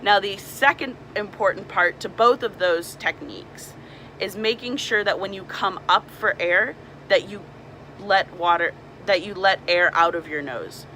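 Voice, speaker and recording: A woman's voice: medium pitch, unhurried, pushed and bright, a little hiss or hum, low-quality recording. A young woman, a mermaid performer, casually explaining swim tips and demonstrating nasal sounds.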